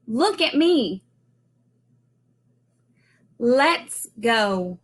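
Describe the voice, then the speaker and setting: A woman giving a children's speech lesson from home, modeling sounds slowly and clearly. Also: a little high, animated, fairly bright tone. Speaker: speech teacher.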